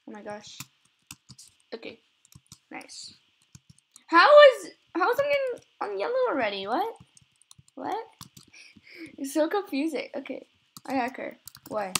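A slow-paced woman with a slightly high voice chats casually through an online game. She giggles a lot and gets easily flustered. Faint keyboard and mouse clicks tick away behind her. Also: background noise. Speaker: gamer recording gameplay. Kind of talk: casual gaming chatter.

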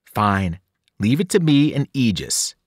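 A man's voice: mid-range voice, sing-song, unhurried, husky, no echo, studio quality. A man reading aloud, voicing a fierce punk teenage girl who talks bluntly and impatiently.

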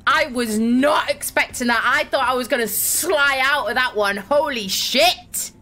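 A woman's voice: high-pitched, a little slow, pushed and bright. A young woman streaming a horror game, thinking aloud, swearing and getting exasperated. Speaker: gaming streamer. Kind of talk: live gameplay commentary.

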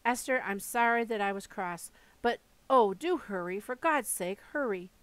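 A woman's voice: medium pitch, expressive, moderate pace, a bit bright, clear, resonant tone, no room sound, natural voice. Woman reading as an urgent, stern mother. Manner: urgent and commanding. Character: anxious stern mother of a young girl.

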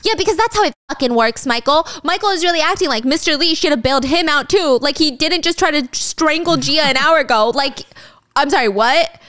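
A woman's voice: sits high, fairly quick, a bit bright. Chatty sarcastic woman telling a story. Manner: chatty, sarcastic asides, swears and laughs. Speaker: storyteller recapping a drama. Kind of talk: casual storytime recap.

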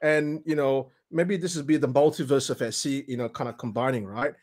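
A man co-hosting a casual podcast chat about ghost stories, joking and animated. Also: medium pitch. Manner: joking, animated, quick asides. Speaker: podcast co-host.

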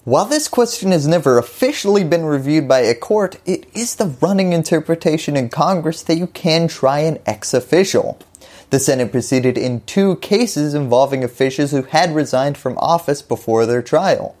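A woman's voice: low-pitched, lively intonation, moderate pace, darkish tone. A woman hosting a scripted political explainer, delivering it with wry, jokey asides.

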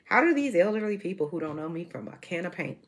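A vlogger in her forties speaks to camera in an emotional, emphatic monologue, repeating herself and restarting sentences. Her voice sits on the low side and is slightly rough, and she talks fast with a very animated delivery.

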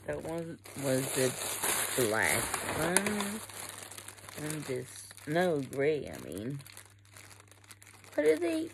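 A young woman chats her way through an unboxing, wandering from thought to thought and swearing without a second thought. Her voice has a gravelly, fry-heavy edge. She speaks slowly, and her pitch climbs and dips freely as she talks. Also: slight background noise, poor audio. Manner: rambling, swears freely, trails off. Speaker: vlogger. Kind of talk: casual unboxing chat.

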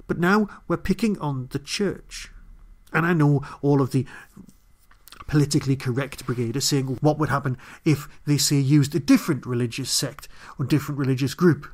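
A man hosting a podcast, giving a chatty, rambling solo review with wry asides. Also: fairly high pitch. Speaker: podcast host reviewing an episode.

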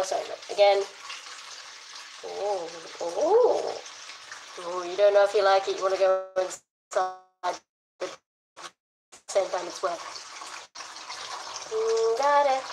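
A woman's voice: medium pitch, flat delivery, measured pace, pauses often, background noise. A young woman chatting playfully on a live stream, talking to her pets and her viewers. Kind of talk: casual live-stream chat. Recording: echoey room.

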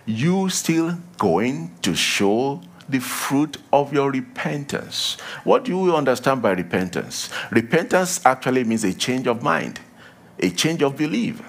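A male preacher delivering a sermon, emphatic, repeating key lines and dropping to a low hush for warnings. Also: slightly rough.

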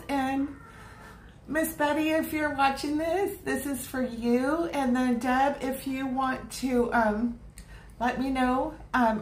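A woman teaching a live painting lesson, chatting affectionately with her viewers in a bubbly way. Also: high voice. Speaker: art teacher. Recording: echoey room, faint background noise.

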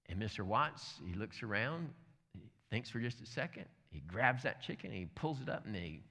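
Male pastor, animated sermon storytelling, bright voice, reverberant church sanctuary. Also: lowish voice, normal speed. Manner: animated storyteller, lively asides.

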